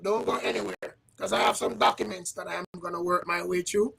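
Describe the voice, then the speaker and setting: Gravelly, husky man hosting a livestream. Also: high-pitched, steady tone, pushed and bright, poor audio. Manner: repetitive, halting, asks the audience questions. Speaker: livestream host. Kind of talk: casual livestream chat. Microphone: livestream setup.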